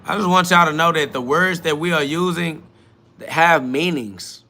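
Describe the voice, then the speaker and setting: A man's voice: fairly high pitch, moderate pace, bright, forceful tone. A man hosting a live-stream podcast, reading out chat comments and answering them in a confrontational, profane, mocking way. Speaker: livestream podcast host.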